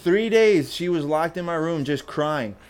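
A man's voice: a little high, unhurried, clean tone. Profane storytelling man, casual chat. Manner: animated, profane, acts out quotes in raised voice.

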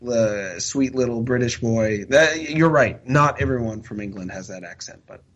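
A man's voice: medium pitch, normal speed, muffled recording. A man co-hosting a casual podcast chat, talkative and self-deprecating, often restarting his sentences. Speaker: podcast co-host and magazine writer.

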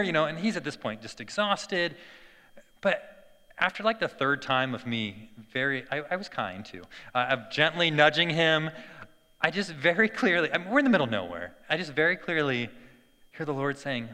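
A man in his thirties gives a devotional talk through a family anecdote. His voice sits a little high and has a bright, forward edge, and he talks in a relaxed way full of fillers and restarts. The sound rings with a long hall reverb. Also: normal speed. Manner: conversational storytelling with many fillers and restarts. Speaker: speaker giving a devotional talk. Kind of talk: sermon-style personal story.

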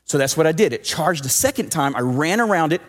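A man, a pastor from Southwest Texas, preaching a sermon and telling a personal story with animated swings between loud and hushed delivery. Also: fairly high pitch, a little fast.

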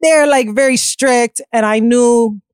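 Young woman musician, kinda high voice, dry close sound, talks fast and animated, cusses a lot. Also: smooth, no echo. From Caribbean family. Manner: animated, swearing, quick storytelling with acted quotes. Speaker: musician guest. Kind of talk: casual interview storytelling.

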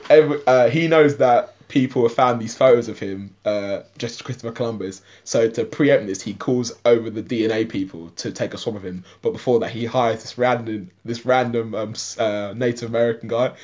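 A man's voice: medium pitch, steady tone, normal speed, darkish tone. A man co-hosting a casual podcast, retelling an episode in a rambling way, full of "like" and frequent laughter. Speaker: podcast co-host. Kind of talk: casual film and TV review chat. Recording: dull lo-fi podcast audio.

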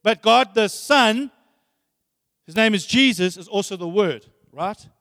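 A man's voice: high voice, expressive, a little slow, fairly bright tone. A man preaching a sermon, emphatic, repeating phrases and asking rhetorical questions. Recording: long hall reverb.

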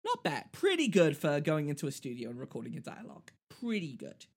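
A man's voice: a little high, wildly swooping pitch, a little fast, husky. A man co-hosting a podcast, chatting casually about a film in a rambling, self-mocking way and laughing often. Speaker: podcast co-host. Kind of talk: casual film-review chat.

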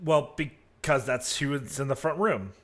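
A man's voice: medium pitch, measured pace. A man running a tabletop game as game master, narrating casually with many fillers and restarts. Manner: casual, rambling, full of fillers.

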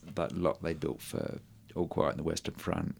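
A man's voice: rumbling low, steady tone, normal speed, vocal fry, slight background noise. A man in casual chat about films, asking pointed questions.

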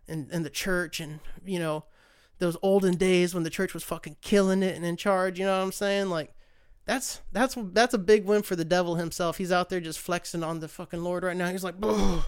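A man's voice: high-pitched, clear, resonant tone. An American man hosting his own podcast, talking in a rambling, profane, fired-up rant. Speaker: podcast host. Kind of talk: casual solo rant.

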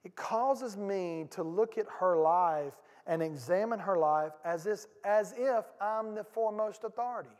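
High-voiced preaching man, reverberant church. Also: a little slow, hardly any pauses. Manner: conversational preaching, swinging from loud bursts to hushed asides; repeats and restarts phrases for emphasis. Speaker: pastor. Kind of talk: sermon. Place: church sanctuary.

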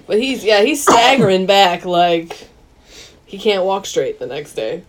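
A woman co-hosting a movie podcast, tossing in wry asides and quick jokes. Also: mid-range voice. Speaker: podcast co-host. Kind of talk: casual movie recap chat.

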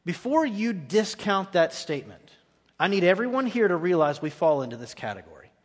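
A man preaching a guest sermon in a church, earnest and dropping to quiet intensity at key points. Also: fairly high pitch. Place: church sanctuary. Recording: long echoey hall reverb.

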